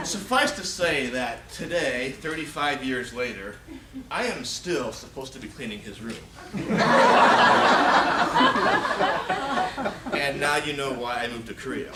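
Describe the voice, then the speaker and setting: A man in his forties delivers a funny contest speech, his pitch sitting a bit high and leaping about as he acts out each moment. He takes his time over the lines. He is picked up from well back in a reverberant hall, with clear noise under the voice. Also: drawn-out words, pauses often. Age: 40s. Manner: animated, acts out scenes and shouted pleas. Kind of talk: humorous storytelling speech. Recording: echoey hall, distant mic, noisy.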